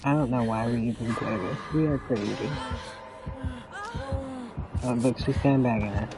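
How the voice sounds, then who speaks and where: A man's voice: medium pitch, moderate pace, background noise. A man chatting casually as he streams a video game, rambling and laughing often. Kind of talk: casual gameplay commentary.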